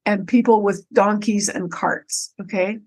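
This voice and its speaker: A woman guest on a podcast, telling a personal story in an animated way, with frequent restarts and repeated words. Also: medium pitch, measured pace, poor audio. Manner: animated, breaks into her own quoted speech.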